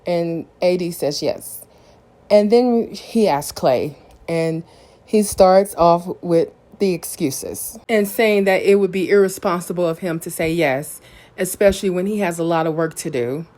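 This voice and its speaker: Low, mellow-voiced woman podcast host. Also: a little slow. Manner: opinionated, candid, retells scenes in detail. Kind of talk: casual podcast recap.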